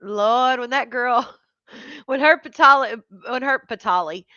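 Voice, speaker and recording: A woman with a fairly high voice hosts a casual live stream. She chats easily and greets viewers one by one with frequent laughs. The sound is dry and close, a little dull and lo-fi. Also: a little slow, pushed and bright, no room sound. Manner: chatty, greets viewers by name, laughs often.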